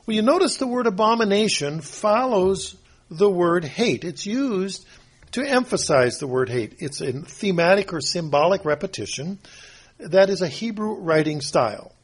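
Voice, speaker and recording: A husky older man delivers a homespun sermon. He rambles from story to scripture, and his voice sits a touch higher than most men's. He clears his throat often as he goes. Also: animated, a little slow. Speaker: preacher. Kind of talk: folksy sermon.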